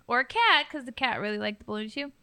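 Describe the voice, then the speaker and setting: A woman's voice: fairly high pitch, very animated, fast, bright, forceful tone. A woman in her thirties co-hosting a podcast, chatting casually and rambling, often giggling and talking with her mouth full. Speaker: podcast co-host. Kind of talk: casual chat.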